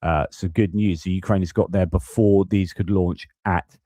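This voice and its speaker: A man's voice: low voice, fairly even intonation, moderate pace, warm tone, no room sound, studio quality. A man hosting a live-stream news commentary, talking casually and thinking aloud as he goes through footage and reports. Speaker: host.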